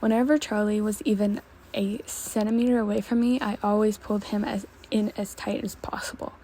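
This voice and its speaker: A woman's voice: medium pitch, level tone, fairly quick, dark tone, husky. A woman reading fanfiction aloud in a casual, unpolished way. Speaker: fanfiction reader.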